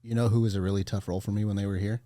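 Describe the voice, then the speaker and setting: A man chatting casually as a podcast guest, laid-back and quick to laugh. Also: fairly low pitch, little pitch movement, dark tone, no echo. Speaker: podcast guest, jiu-jitsu black belt.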